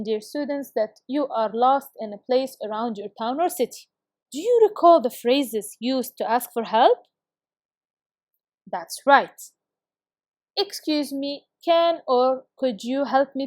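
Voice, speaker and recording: Upbeat woman teacher with a high voice, full of praise, spells out phrases slowly for young learners; dry, close recording. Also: a little mellow, no echo. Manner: encouraging, praises students often; slow, careful reading of model phrases. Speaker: English teacher. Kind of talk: recorded video lesson for schoolchildren.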